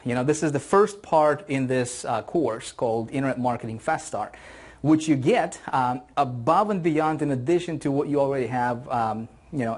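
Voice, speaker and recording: An upbeat man leads a motivational video lesson on online marketing. His voice is a little husky and sits fairly high for a man. He talks with energy and hammers points home by repeating them. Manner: energetic, enthusiastic, repeats phrases for emphasis. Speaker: online marketing course instructor.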